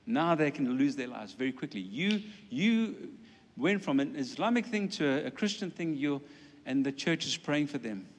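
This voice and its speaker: Animated preacher man in a reverberant hall. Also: a little high, moderate pace. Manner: animated, acts out quoted voices, playful asides. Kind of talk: sermon.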